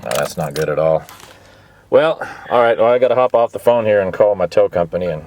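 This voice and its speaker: A man's voice: lowish voice, lively intonation, brisk, a little mellow. A man vlogging casually and with profanity outdoors by a busy roadside, explaining car trouble into a handheld phone camera. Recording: outdoor traffic noise.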